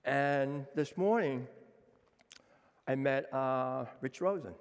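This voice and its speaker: A man in his sixties, a chef giving an energetic, emphatic conference talk, acting out quoted dialogue. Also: medium pitch, slow pace, smooth. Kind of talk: conference speech. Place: conference hall with a seated audience. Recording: long hall reverb.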